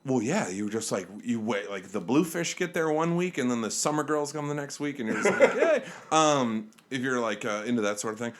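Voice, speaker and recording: A man from Nantucket, a comedian guest telling joking deadpan stories in a casual podcast chat. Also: mid-range voice, fairly quick, hardly any pauses. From Nantucket, United States. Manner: joking, deadpan storytelling with laughs.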